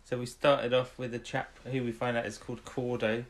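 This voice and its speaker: A man's voice: mid-range voice, little pitch movement. A man co-hosting a podcast in casual chat, rambling through a recap and acting out characters' lines. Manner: rambling recap, acts out lines in quick voices. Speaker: podcast co-host.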